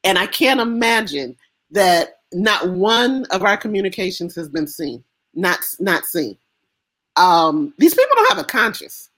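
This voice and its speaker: An American woman speaking as an interview guest, impassioned and emphatic, with halting restarts. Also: mid-range voice, big pitch swings, fairly bright tone. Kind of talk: emotional interview conversation.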